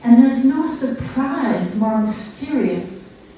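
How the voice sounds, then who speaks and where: An older woman giving a gentle devotional talk at a retreat, conversational, often checking in with her listeners. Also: a little high, lively intonation, slow. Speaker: spiritual teacher. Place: retreat hall. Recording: echoey hall, voice from far off.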